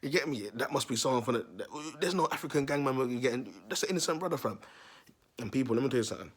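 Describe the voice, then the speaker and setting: A man's voice: mid-range voice, lively intonation, rapid-fire, slightly rough. A man, a vlogger telling a neighbourhood story to his viewers in a slangy, repetitive way.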